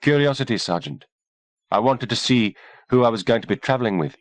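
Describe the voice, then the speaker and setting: A man's voice: medium pitch, expressive, fairly quick, no echo, voice pushed up, close to an everyday voice. A man voicing a self-assured young female doctor with a dry, witty manner.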